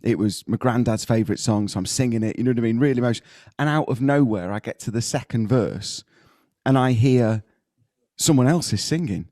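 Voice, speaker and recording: A man's voice: mid-range voice, fairly quick, a little mellow, no room sound. Brief: male podcast co-host, laughing storyteller, dry booth sound. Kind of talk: casual chat.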